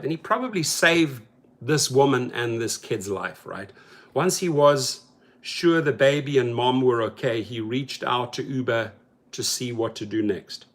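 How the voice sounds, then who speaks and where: A man hosting a rideshare channel, talking casually and animatedly about a news story and acting out the people in it. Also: mid-range voice. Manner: animated, talks to viewers as "bro", acts out quotes.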